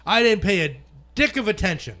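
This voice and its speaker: A boastful man gloats to his friends and swears freely. His voice sits high for a man. It swings widely as he talks. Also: very animated, a little fast, pushed and bright. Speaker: fantasy league winner. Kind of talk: casual banter among friends.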